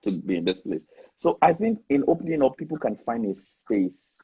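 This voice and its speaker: A man with a Nigerian accent hosting a casual live online discussion, playful and quick to laugh. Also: mid-range voice, very animated, mellow, breathy edge, poor audio. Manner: playful, laughs often, jokes in pidgin. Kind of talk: casual live-stream talk.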